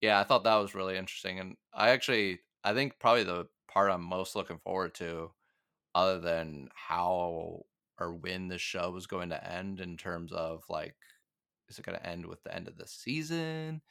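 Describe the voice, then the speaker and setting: A man's voice: low voice, moderate pace, gravelly, bright, forceful tone, clean tone, no echo, studio quality. A young man co-hosting a podcast, recapping a TV episode in casual, rambling chat with many fillers and frequent laughs. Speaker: podcast co-host.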